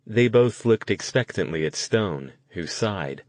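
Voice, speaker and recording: A man narrating an audiobook in a steady, measured way. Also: fairly low pitch, no echo. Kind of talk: scripted narration.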